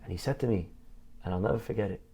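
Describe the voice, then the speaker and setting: Creaky-voiced rabbi telling a story. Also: male voice, fairly low pitch, rapid-fire, warm tone. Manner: heartfelt, conversational, many "you know" fillers. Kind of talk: storytelling sermon.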